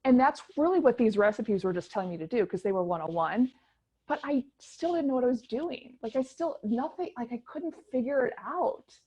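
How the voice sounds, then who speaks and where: A middle-aged woman, telling her story as a guest in a casual interview, animated and chatty with many restarts. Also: on the high side, moderate pace, husky. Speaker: guest chef.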